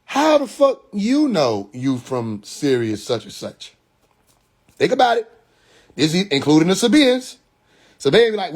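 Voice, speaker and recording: A man's voice: high voice, sing-song, unhurried, darkish tone, breathy edge. A young man from Atlanta with a Southern accent, hosting a phone live stream and lecturing in a mocking, preachy way, firing rhetorical questions with profane slang. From Atlanta, USA. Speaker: livestream host. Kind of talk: rambling live-stream monologue.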